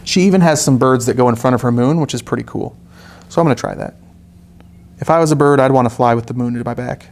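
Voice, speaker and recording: Man, young adult, painting teacher, casual live chat, jokey asides, average pitch. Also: quick pace. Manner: relaxed, joking, chatty asides. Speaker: art instructor hosting a live painting stream.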